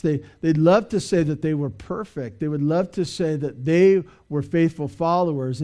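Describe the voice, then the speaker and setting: A man preaching a sermon in a church, in a conversational, halting way with many fillers and restarts. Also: on the high side, warm tone. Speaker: pastor.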